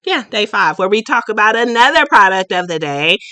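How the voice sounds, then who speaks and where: A woman's voice: medium pitch, very animated, fairly quick, pushed and bright, dry recording. A woman in her late thirties hosting a casual live stream, chatty and goofy, laughing often as she talks to viewers. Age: late 30s. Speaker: livestream host and shop owner.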